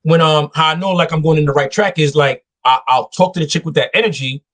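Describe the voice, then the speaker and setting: Husky man giving animated dating advice. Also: a little high, quick pace. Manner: animated storyteller acting out quoted voices. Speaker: show host. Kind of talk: casual dating advice talk.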